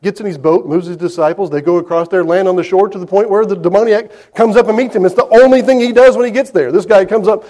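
A preacher with a fairly high voice for a man works through a scripture passage verse by verse. He reads the old text aloud, then retells it in plain, lively talk. His delivery rises to loud emphasis and drops to quiet, hushed lines. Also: fast talker. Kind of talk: sermon.

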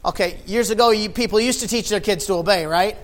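A man preaching a sermon, building from quiet explanation to impassioned, near-shouted emphasis. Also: high-pitched, fast.

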